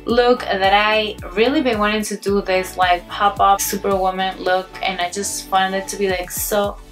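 A sleepless woman greets her viewers in a casual vlog intro. She keeps her face stiff and talks carefully, apologizing for how she sounds. Her voice sits a little way from the mic, with soft music underneath. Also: mid-range voice, steady tone, moderate pace. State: tired, sleepless. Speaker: beauty vlogger. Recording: voice a bit far from the mic.

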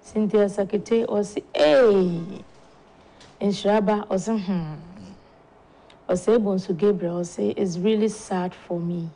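A Ghanaian woman hosting a talk show, slowly and softly reading out viewer condolence messages in a studio. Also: medium pitch, fairly even intonation, low-quality recording. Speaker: show host. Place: broadcast studio.

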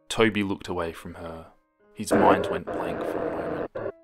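A man narrating a horror story with a steady, dramatic reading that drops to hushed moments. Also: deep voice, measured pace. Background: music.

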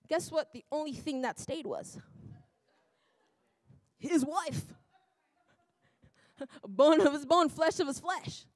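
High-voiced woman preaching with laughs. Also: slow pace, pauses often, no echo. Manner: laughing, self-interrupting, exclamatory. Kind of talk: sermon. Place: church.

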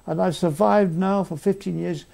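A man's voice: sits high, fairly even intonation, moderate pace, vocal fry, warm tone. An older man telling rambling, self-mocking anecdotes as an interview guest. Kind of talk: conversational interview. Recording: archive broadcast.

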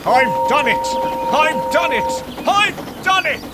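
Man playing a boastful big engine, sulky and complaining, with a lively pitch; noisy take. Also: slow pace, exaggerated voice. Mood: triumphant. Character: proud grumbling big male engine.

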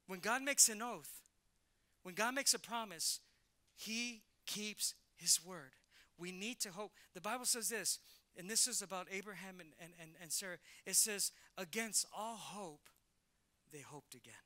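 A middle-aged male pastor preaching a sermon in an animated way, acting out Bible characters in casual slang. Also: high-pitched, normal speed.

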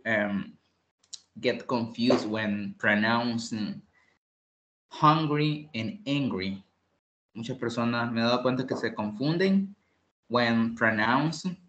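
A man teaches English slowly and patiently over an online class call. He repeats each phrase and switches between English and Spanish. His mid-pitched voice rings in a roomy, echoey space. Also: sharp tone. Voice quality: clears throat often. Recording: roomy echo.

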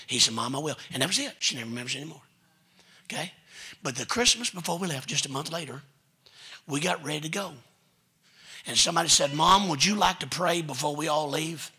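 Man, preacher, sermon, folksy storytelling, raspy, very bright. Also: fairly high pitch, lively intonation, fairly quick. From Texas. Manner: folksy storytelling preacher, quotes family members. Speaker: pastor. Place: church sanctuary.

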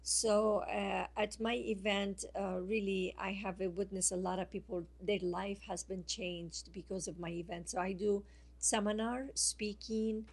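A woman guest speaking by phone on a radio show, telling a personal story slowly and haltingly, with many fillers and restarts. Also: medium pitch, little pitch movement. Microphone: phone line.

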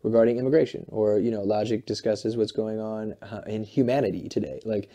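A man in his late twenties, a musician being interviewed, talking in an animated, rambling, profane way and acting out what other people say. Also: fairly low pitch, brisk. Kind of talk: candid interview talk.

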